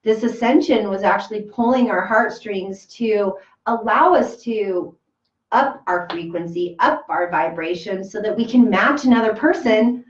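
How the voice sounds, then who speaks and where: A spiritual podcast co-host with a mid-range voice speaks a little slowly, comforting and calm, though she keeps restarting her phrases. The casual conversation has distant, roomy, flat-sounding audio.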